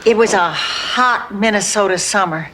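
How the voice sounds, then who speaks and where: A woman's voice: mid-range voice, measured pace, fairly bright tone, some chatter behind, natural voice. An actress playing a naive, sweet Midwestern woman in a sitcom, telling earnest, rambling stories. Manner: earnest, innocent storytelling. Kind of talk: sitcom acting. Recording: noisy TV audio.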